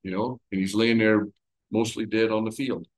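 Lower-voiced man teaching scripture. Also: moderate pace, rough recording. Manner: animated storytelling with everyday comparisons. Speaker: Bible teacher. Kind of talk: conversational Bible study teaching.

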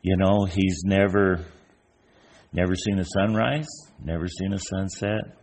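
An older preacher gives an informal, folksy sermon, telling stories and acting out the voices of the people in them. His voice is low-pitched and darkish, delivered at a measured pace.

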